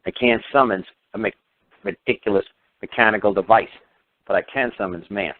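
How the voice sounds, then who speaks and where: A man's voice: on the low side, fairly quick, no room sound. A man hosting a radio show, ranting heatedly and firing off sarcastic rhetorical questions with some swearing. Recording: tinny phone-line radio audio.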